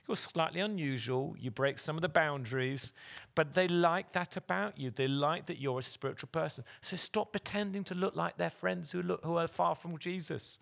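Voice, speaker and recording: A man's voice: a little high, vocal fry, fairly bright tone. A man preaching a sermon as pastor at a church service, earnestly and directly urging the congregation.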